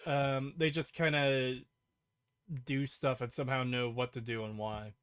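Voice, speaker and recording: A man's voice: medium pitch, flat delivery, unhurried, a bit bright, smooth, no echo, clean studio sound. A man hosting a casual podcast, blunt and profane as he rants about what annoys him. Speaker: podcast host. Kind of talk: casual chat.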